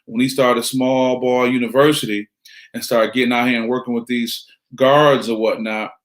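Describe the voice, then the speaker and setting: A man's voice: mid-range voice, flat delivery, moderate pace. Middle-aged male motivational speaker, preachy, fond of rhetorical questions. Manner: preachy, rhetorical questions, greets listeners by name. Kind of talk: motivational talk.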